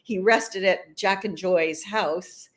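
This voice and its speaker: A chatty woman telling lively stories in a relaxed interview, her voice pitched right in the middle of the usual range. She talks like an actress reminiscing, quick to laugh between anecdotes. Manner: chatty, animated storyteller who laughs often. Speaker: actress guest. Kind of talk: casual interview chat.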